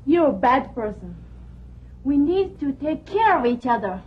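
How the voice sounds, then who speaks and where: A woman's voice: sits high, very animated, a little slow, muffled recording. An actress playing an earnest female student who stands up for the sick. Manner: earnest, pleading. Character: caring female student, morally firm.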